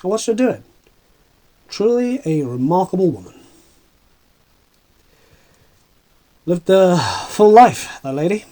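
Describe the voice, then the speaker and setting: A man voicing a bitter, washed-up horse celebrity in a dark cartoon comedy, sardonic and rambling, tripping over stammered asides. His voice sits a little high for a man and swings widely in pitch. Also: big pitch swings, moderate pace. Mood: sardonic, hollow. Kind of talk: comedic dramatic monologue.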